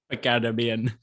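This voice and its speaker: This is a young man chatting loosely on a film review podcast. He rambles, swears freely and keeps restarting his sentences, in an even, mid-pitched voice. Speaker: podcast co-host. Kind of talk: casual film review banter.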